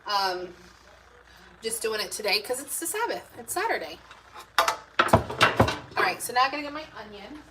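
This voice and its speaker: A woman's voice: on the high side, big pitch swings, unhurried, pauses often, recorded from a distance. A woman hosting a live cooking stream from her home kitchen, rambling casually to viewers and reading their comments aloud. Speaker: homemaking channel host. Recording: loud background noise in a home kitchen.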